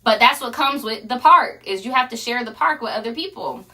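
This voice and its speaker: A woman's voice: on the high side, lively intonation, a little fast, pushed and bright. A young woman, telling a casual story full of profane slang. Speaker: streamer.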